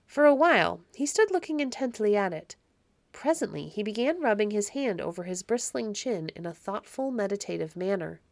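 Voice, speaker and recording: A woman reads a classic children's novel aloud as a podcast narrator. Her delivery is measured and even, at a middling pitch. The recording is dry and close to the mic. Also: creaky, no room sound. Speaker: audiobook narrator.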